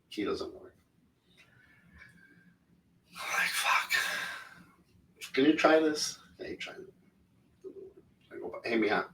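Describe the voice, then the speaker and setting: A man co-hosting a podcast and telling an animated, profanity-laced story. His voice has a bright edge. It is recorded a little off-mic in an echoey room. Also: mid-range voice, creaky, far from the mic. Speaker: podcast co-host. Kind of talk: casual storytelling chat.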